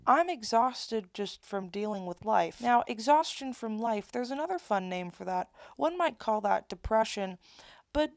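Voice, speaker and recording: A young woman in her twenties with a gravelly, creaky edge to her voice, venting to camera. She rambles and keeps restarting her thoughts. The sound is close and dry, with no room around it. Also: a little high, expressive, measured pace, dry recording. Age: 20s. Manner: rambling, self-interrupting, candid. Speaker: vlogger. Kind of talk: casual confessional monologue.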